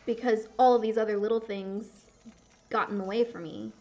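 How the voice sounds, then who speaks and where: A young woman with a fairly high voice talks casually and openly while she plays a game, rambling from thought to thought and cursing at the game when it goes wrong. The sound is dull and lo-fi. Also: fairly even intonation, normal speed, warm tone. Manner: candid, rambling, swears at the game. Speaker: gaming video creator.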